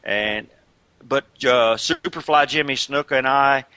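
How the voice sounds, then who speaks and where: An older man telling stories in a casual interview, lively and chatty, and he slips into impressions along the way. His voice is bright and forceful, and it sits close and dry on the mic. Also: mid-range voice, measured pace, smooth, no room sound. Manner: chatty and animated, breaks into imitations and laughs. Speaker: guest, retired wrestler.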